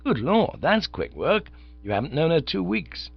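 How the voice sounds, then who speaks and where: A man's voice: fairly high pitch, huge pitch swings, moderate pace, gravelly, slightly rough, dry recording, faint music behind, voice pushed up, heavily acted. A man voicing a breezy, flustered young toff. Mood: exasperated. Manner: exasperated, breezy. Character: young male flustered upper-class idler. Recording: dull, dry audiobook recording.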